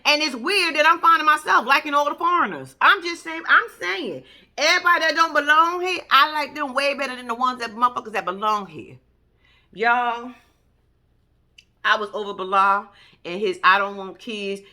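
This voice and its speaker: A woman's voice: sits high, animated, moderate pace, bright, forceful tone. A woman giving casual reaction commentary as a vlogger, blunt and profane, ranting in exasperation.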